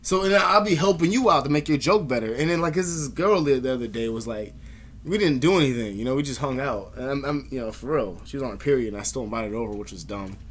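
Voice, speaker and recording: Man, rambling vlog talk, swears a lot, laughs, does voices of other people, mid pitch. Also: animated, fast talker. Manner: profane, laughs often, imitates others mid-story. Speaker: vlogger. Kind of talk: rambling casual monologue.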